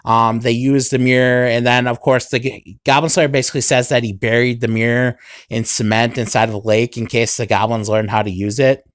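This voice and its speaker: A man's voice: mid-range voice, fairly even intonation, fairly quick, smooth, dry recording, clean studio sound. A young man casually recapping an anime episode as a reviewer, rambling with lots of "um" and "basically".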